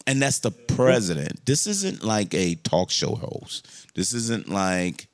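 A man in a casual political chat who talks in an animated way and acts out what others say. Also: on the low side, takes it slowly, dry recording. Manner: animated, acts out quotes in mocking voices.

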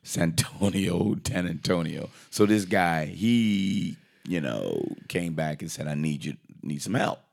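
A deep-voiced man with a gravelly edge chats through a film's plot, rambling and animated. He keeps breaking into quick quoted voices and starts his sentences over. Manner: rambling, animated retelling with acted quotes and restarts. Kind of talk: casual movie recap chat.

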